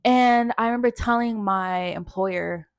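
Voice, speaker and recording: Young woman telling an animated story. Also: medium pitch, a little slow, clear, resonant tone, no echo, studio quality, faint music behind. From Canada. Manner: animated, acts out other people's lines. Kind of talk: casual storytime vlog.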